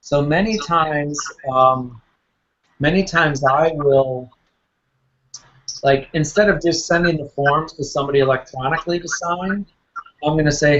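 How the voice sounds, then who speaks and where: A man's voice: a little high, unhurried, a bit bright, highs cut off, a little hiss or hum. A man coaching real estate agents in a casual question session, talking in a chatty way, repeating words and telling anecdotes. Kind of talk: casual Q&A with a listener.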